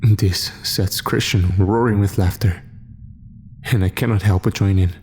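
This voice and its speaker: A man narrating a first-person horror story in a steady, measured voice. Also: low-pitched, slight background noise. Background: faint music.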